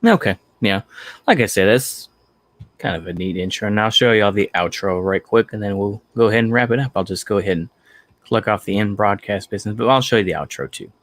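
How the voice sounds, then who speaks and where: A man's voice: fairly low pitch, brisk, fairly bright tone, no room sound. A man from the United States hosting a livestream in casual chat, rambling, repeating himself and trailing off into fillers. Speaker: livestream host.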